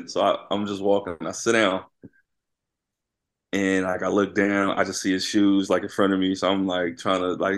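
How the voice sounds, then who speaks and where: Speaking at a normal speed in a very low voice, a man shares a lively basketball story in a relaxed interview. He played in college, now coaches at the high school level, and repeatedly checks that his listener is with him.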